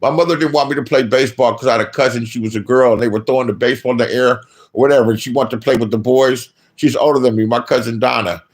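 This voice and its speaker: A man ranting casually as a streamer giving commentary, blunt and profane, swinging between low mutters and loud outbursts. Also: fairly even intonation, quick pace.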